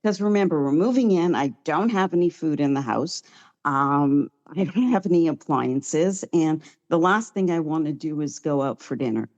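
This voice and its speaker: A woman's voice: sits low, expressive, moderate pace, darkish tone, highs cut off. A middle-aged woman giving a chatty, heartfelt personal recovery share at a meeting, sometimes close to tears. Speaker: guest speaker at a recovery meeting.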